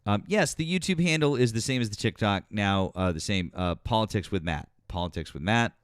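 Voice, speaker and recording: A man's voice: on the low side, animated, fairly quick, clear, resonant tone, no echo, studio quality. Laid-back man hosting a stream. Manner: rambling, swears, many fillers, reads chat aloud. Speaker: livestream politics host. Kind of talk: casual livestream chat.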